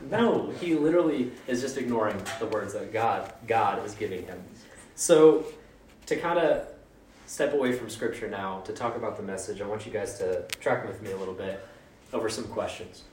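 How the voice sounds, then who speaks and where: A man's voice: on the low side, normal speed, a little mellow, a little hiss or hum. A man giving a casual, conversational sermon, informal and joking, with mock voices for quotes. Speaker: preacher. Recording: roomy echo, mic at a distance.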